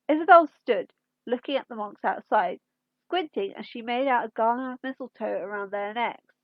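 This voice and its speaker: A woman reading a fan story aloud in an unhurried storytelling manner, with occasional slips. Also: fairly high pitch, no echo, highs cut off. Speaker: fanfiction reader.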